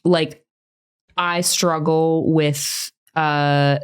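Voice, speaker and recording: Low-voiced woman co-hosting, rambling and wry. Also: little pitch movement, very slow, smooth. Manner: rambling, filler-heavy and wry. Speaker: podcast co-host. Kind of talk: casual chat.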